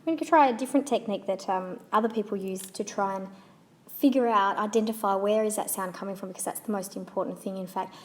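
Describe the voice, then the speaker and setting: A woman's voice: mid-range voice, fast, a little mellow. A woman whose first language is English teaching French pronunciation, patiently repeating example words and demonstrating sounds. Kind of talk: instructional lesson.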